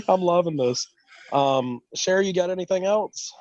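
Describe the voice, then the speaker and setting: A man's voice: sits high, measured pace, no echo. A man hosting a podcast, cracking jokes and giggling at his guests. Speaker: podcast host. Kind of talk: casual podcast chat. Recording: dull lo-fi remote audio.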